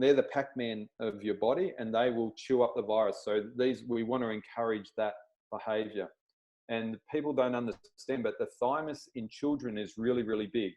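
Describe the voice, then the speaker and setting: A man's voice: medium pitch, a little mellow, poor audio. Man explaining health on a webinar. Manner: plain-spoken, checks in with "okay?". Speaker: chiropractor.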